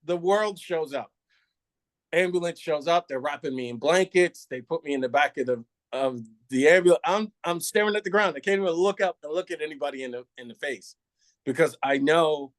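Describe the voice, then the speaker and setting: A somewhat high-pitched middle-aged man, a retired New York City cop, tells an unguarded story with no echo on the recording. He's full of energy, laughs again and again, and performs others' words.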